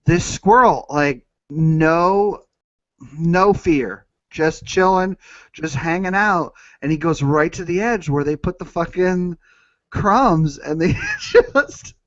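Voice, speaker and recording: Podcast co-host, man, profane and giggly, slightly high voice, dry lo-fi recording. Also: takes it slowly, no echo. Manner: profane, laughing, reads news aloud with jokes. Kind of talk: casual comedic chat. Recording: dull, dry lo-fi sound.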